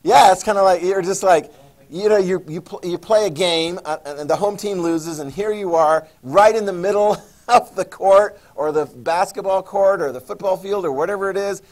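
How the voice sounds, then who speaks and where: A man teaching a history class, animated and jokey, acting out quoted voices. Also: high-pitched, normal speed. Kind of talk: classroom lecture.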